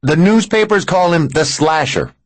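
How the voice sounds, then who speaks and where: A man voices a sweating, tense, middle-aged police chief in a curt, commanding way. His voice is somewhat high, above his natural register yet close to everyday speech, with lively intonation and a moderate pace. There is no room sound.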